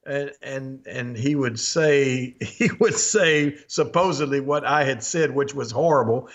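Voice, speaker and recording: A man's voice: medium pitch, unhurried. An older man, hosting a podcast and telling rambling stories, laughing often and acting out old quotes. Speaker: podcast host. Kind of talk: storytelling chat. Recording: slightly dull lo-fi audio.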